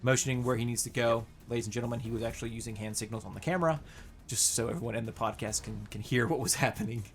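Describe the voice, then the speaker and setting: A man running a tabletop game, mid-pitched and animated, stumbling through his narration with bursts of laughter. Soft music plays behind him. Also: rapid-fire. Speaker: game master.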